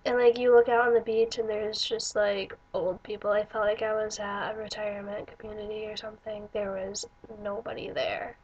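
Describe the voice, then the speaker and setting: A woman's voice: mid-range voice, flat delivery, moderate pace, hardly any pauses, darkish tone, slightly rough, muffled recording. A young woman vlogger telling stories casually, rambling with many fillers and restarts. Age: young adult. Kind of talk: casual storytelling vlog.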